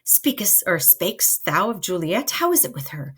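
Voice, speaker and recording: A woman's voice: on the low side, sing-song, moderate pace, fairly bright tone, a little hiss or hum. A grief-stricken young man, as a woman reads his part, anguished and full of desperate questions. His lines come out with urgent, pleading emphasis in a dramatic play reading.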